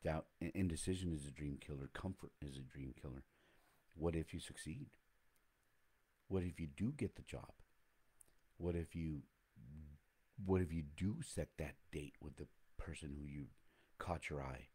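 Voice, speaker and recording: A man's voice: a bass voice, normal speed, pauses often, mellow, slightly rough. A man hosting a casual motivational talk, rambling and reflective, often correcting himself mid-sentence.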